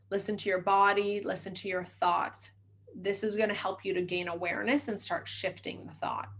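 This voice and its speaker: Woman doing a self-help podcast, quick and upbeat, cheering listeners on. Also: medium pitch, vocal fry, fairly bright tone. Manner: fast, upbeat, encouraging. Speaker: mindset coach.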